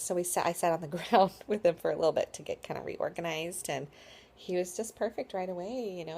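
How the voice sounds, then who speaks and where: A woman's voice: on the low side, a little mellow. A tired woman in her thirties casually telling a birth story to camera, rambling with lots of likes and ums. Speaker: vlogger.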